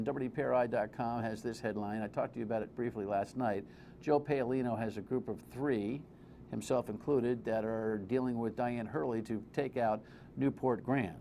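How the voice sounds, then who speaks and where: A man's voice: mid-range voice, mellow. Brief: male TV host, blunt and wry, a faint hiss under the studio mic. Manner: blunt, sarcastic, conversational. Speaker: TV host and commentator. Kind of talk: opinionated TV commentary. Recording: faint background noise.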